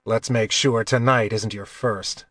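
A man voicing a young thief in his own voice, low, calm and dry-humored, in an audiobook. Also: unhurried, no room sound. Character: young male thief, wry and quietly confident.

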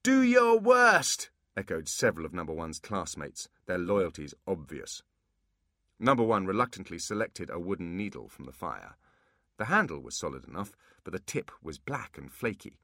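A man narrating a fantasy audiobook with expressive storytelling. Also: sits low, normal speed, gravelly, dry recording, clean studio sound.

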